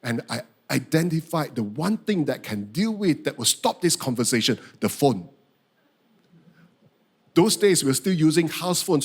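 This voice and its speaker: A middle-aged man, preaching a sermon and telling a personal story with animated, acted-out outbursts. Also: on the high side, breathy edge. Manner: animated storytelling, acting out his own outbursts. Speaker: pastor.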